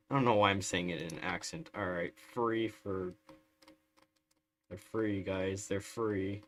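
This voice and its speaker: Man, low voice, unhurried drawl, wry live game commentary, keyboard clicks behind. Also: steady tone, a little hiss or hum. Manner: wry, sarcastic, chatty. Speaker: streamer.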